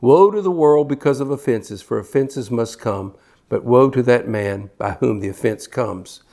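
A man's voice: mid-range voice, normal speed, vocal fry, a little mellow. An older man preaching a sermon, fervent, often repeating words as he builds to a point. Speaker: pastor.

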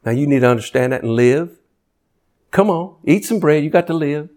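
A man in a sermon voicing God as a warm, inviting host, coaxing and homely. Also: on the high side, lively intonation, normal speed, natural voice.

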